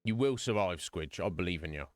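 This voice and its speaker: Man, streamer host, rambling casual chat, joking, fairly low voice, dry close sound. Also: animated, brisk, dry recording.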